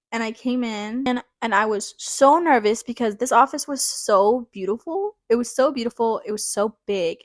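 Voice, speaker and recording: Young woman vlogger, high-ish voice, chatty and animated, acts out quotes. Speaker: dental assistant vlogger. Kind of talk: casual storytelling vlog.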